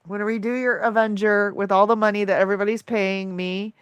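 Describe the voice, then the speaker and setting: A woman's voice: mid-range voice, fairly even intonation, fast, clear, resonant tone, dry recording, highs cut off. Effusive woman hosting a livestream. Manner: effusive, thanking viewers by name. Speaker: livestream host. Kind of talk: casual livestream chat.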